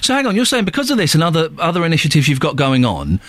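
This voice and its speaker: Male radio host, playful banter, lively pitch, dry studio sound. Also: racing, no echo. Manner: jokey, teasing, lively banter. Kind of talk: casual radio chat. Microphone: studio microphone.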